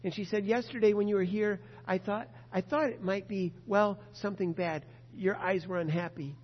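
A man preaching a sermon and reading a story aloud, earnest and emphatic, slowing down on key words. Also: high-pitched, steady tone. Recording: muffled sound in a reverberant hall.

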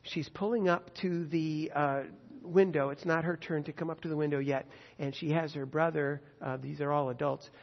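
Male preacher, earnest, emphatic, sermon, slightly high voice, muffled dull recording. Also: creaky. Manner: earnest, emphatic, slows down on key phrases. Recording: dull sound with long hall reverb.

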